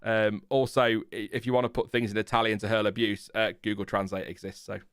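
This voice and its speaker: A man from Lincolnshire with a Lincolnshire English accent, hosting a live stream in casual chat, self-mocking and quick to laugh. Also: fairly low pitch, level tone, a bit bright, clean tone, no room sound, clean studio sound. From Lincolnshire, England. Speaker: livestream host.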